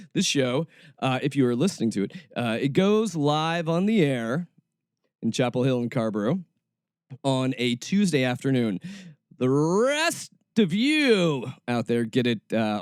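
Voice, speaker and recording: Man, middle-aged, radio host, sarcastic, ranting, very animated pitch, dry close mic. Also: clean tone, no echo. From Atlanta, US South. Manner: sarcastic, lively, laughs often, rants. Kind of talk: casual solo radio monologue.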